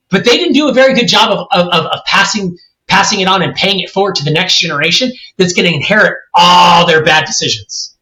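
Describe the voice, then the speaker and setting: A Californian man in his forties co-hosts a podcast discussion, launching into a heated, emphatic rant. His voice sits high, sounding pushed and bright, in a roomy, echoey space.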